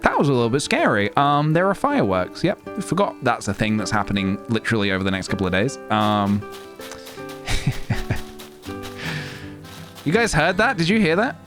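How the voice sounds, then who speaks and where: A chatty, giggly man commenting on his game as he plays, his voice bouncing between highs and lows. Game music runs clearly behind him throughout. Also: big pitch swings, moderate pace, long pauses, fairly bright tone. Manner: chatty, giggly, self-mocking. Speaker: streamer. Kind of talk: casual gameplay commentary.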